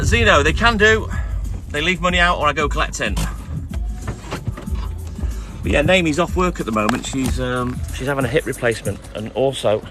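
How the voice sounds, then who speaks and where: A man chatting live from his milk round, reading out viewer comments and giving friendly shout-outs by name. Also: on the high side. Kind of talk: casual live-stream chat reading out comments.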